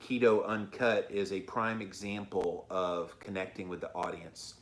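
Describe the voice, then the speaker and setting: A middle-aged man with a Southern accent, hosting a casual livestream and answering viewer comments in a chatty, encouraging, slow-spoken way. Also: sits low, level tone. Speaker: podcast host reading viewer comments.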